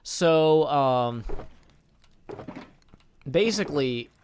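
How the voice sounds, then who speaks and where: A man's voice: a little high, lively intonation, drawn-out words, a little mellow, a little hiss or hum. A tired man chatting casually on a live stream, rambling and correcting himself as he reads out chat. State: tired from little sleep.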